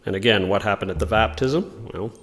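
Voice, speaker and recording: A man with a fairly low voice teaches an informal religious lesson. He explains his ideas thoughtfully and reads passages aloud, and his voice carries a long reverb. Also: a little fast, a bit bright.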